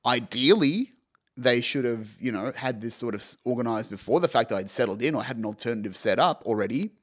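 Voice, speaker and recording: A man's voice: medium pitch, lively intonation, fairly quick, a bit bright. A young man hosting a podcast, telling a personal story casually and animatedly, swearing freely and saying "you know" and "right" often. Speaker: podcast host.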